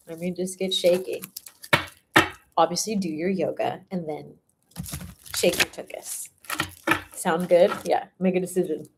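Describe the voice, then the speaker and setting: A woman's voice: on the low side, steady tone, a little slow, gravelly, pauses often, noisy background. A young woman reading tarot on a livestream in casual chat, laughing often and swearing freely. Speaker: tarot reader.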